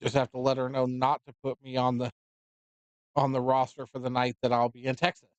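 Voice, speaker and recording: A man's voice: medium pitch, monotone, a little fast, smooth, no room sound, lo-fi sound. A man giving casual, dry-humored commentary on a pool match.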